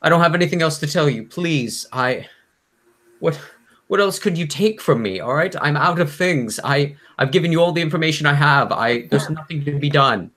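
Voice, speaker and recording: A man's voice: low-pitched, fairly even intonation, takes it slowly, a bit bright, exaggerated voice. A man voicing a frightened balding male prisoner who stammers and pleads desperately. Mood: panicked pleading.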